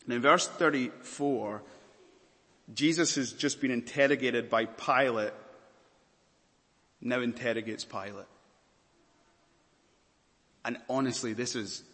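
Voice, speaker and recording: A man's voice: mid-range voice, fairly bright tone. Emphatic male preacher in a reverberant hall. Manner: dramatic, emphatic, with repeated words and lists. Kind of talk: sermon.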